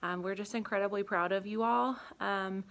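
A young woman teacher in an empty classroom, speaking an emotional farewell to her students and holding back tears, with many pauses and ums. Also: mid-range voice, fairly even intonation, vocal fry, fairly bright tone. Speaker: third grade teacher. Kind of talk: heartfelt farewell video message.

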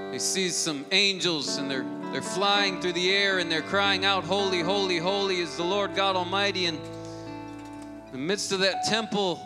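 A man preaching a sermon as lead pastor, moving from a family story to forceful exhortation. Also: sits high. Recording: long hall reverb with loud music beneath. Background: loud guitar music.

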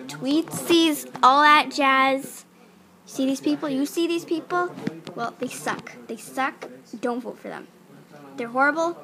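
A young woman talking excitedly in a casual vlog, rambling with lots of fillers and restarts. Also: high-pitched. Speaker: YouTuber. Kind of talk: casual screen-recorded vlog.

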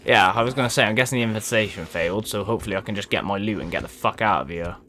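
A man's voice: fairly low pitch, rapid-fire, pushed and bright, slight background noise. A young man giving let's-play commentary to his viewers, frustrated and swearing often. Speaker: gaming video creator.

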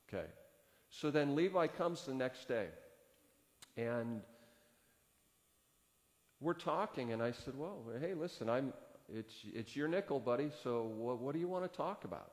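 A male pastor telling a story from the pulpit in an unhurried way, his pitch swinging widely as he acts out the dialogue. The sound carries a long church reverb. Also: lively intonation, a little mellow. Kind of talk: sermon storytelling. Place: church sanctuary.

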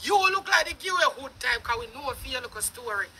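High shouting Jamaican voice, mocking. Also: expressive, fast, slight background noise. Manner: loud, mocking, laughing, swearing, shouts often. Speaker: commentator. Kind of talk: ranting commentary.

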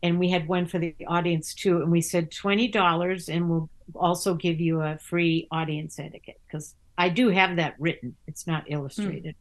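A woman's voice: lowish voice, fairly even intonation, normal speed, few pauses. Chatty older woman telling stories. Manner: chatty storyteller with many restarts, acting out other voices. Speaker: guest, theatre actor and author. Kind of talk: casual interview chat.

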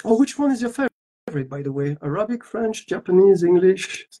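A man's voice: high voice, sing-song, normal speed, warm tone, rough recording. A man from Algeria, a voice actor chatting playfully with fans at a live autograph session and joking in several languages. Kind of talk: casual livestream chat.

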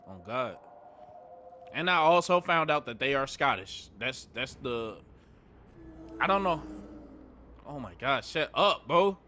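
A man's voice: mid-range voice, lively intonation, takes it slowly, pauses often, pushed and bright, slight background noise. Chatty young man commenting on gameplay. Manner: laid-back, chatty, swears a lot. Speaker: gaming streamer.

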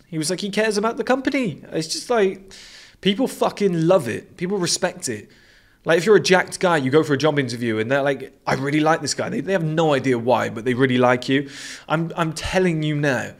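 A young British man in a blunt, aggressive casual monologue, swearing freely as host. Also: medium pitch.

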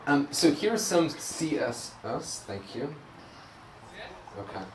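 A man's voice: on the high side, big pitch swings, takes it slowly. A man giving a live coding talk at a meetup, chatty and self-deprecating, heard through a distant mic in a room with an audience. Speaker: conference speaker. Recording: echoey room, distant mic, background noise.

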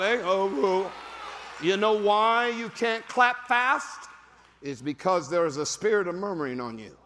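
A male pastor preaching a sermon, repeating phrases and breaking into sudden shouts for emphasis. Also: high-pitched, slight background noise. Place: large church sanctuary. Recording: long hall reverb.

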